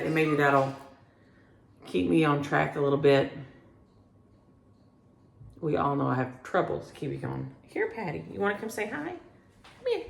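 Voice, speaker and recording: Middle-aged woman vlogging her stitching at home, low and gravelly, rambling and chatty, echoey room. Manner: rambling, chatty, talks to her cats between thoughts. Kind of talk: casual chat.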